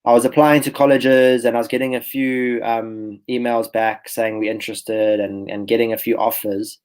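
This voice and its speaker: A man in his twenties, a golfer guest on a podcast, telling his story in a relaxed, rambling way and often restarting his phrases. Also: medium pitch, normal speed, smooth, rough recording. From South Africa. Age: 20s. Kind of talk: casual podcast interview.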